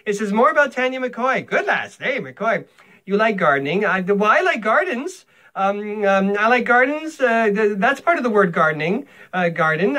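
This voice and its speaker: A man's voice: high voice, sing-song, normal speed, bright, forceful tone. An older man recording a rambling comic video greeting, stammering and interrupting himself with absurd asides.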